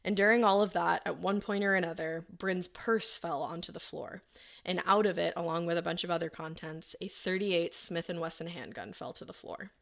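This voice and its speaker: A woman with a low, gravelly voice hosts a podcast. She tells a true-crime story in a loose, conversational way, filling it with "like" and slipping into the voices of the people involved. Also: normal speed. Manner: conversational, frequent "like" fillers, acts out quotes. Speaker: podcast host.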